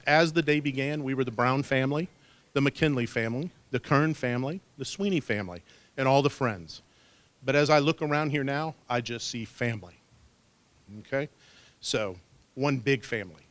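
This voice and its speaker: A man's voice: medium pitch, normal speed, fairly bright tone, no echo. A man in his fifties giving a wedding toast as father of the bride, folksy and peppering his lines with "okay?", speaking into a handheld mic at a reception. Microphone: handheld microphone.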